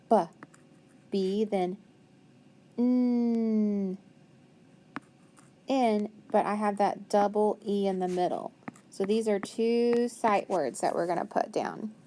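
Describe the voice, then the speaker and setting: A mid-range, darkish female voice comes through with faint background noise. She is a patient teacher running a phonics lesson for young pupils: she asks questions and answers them, praises answers, and spells words out letter by letter.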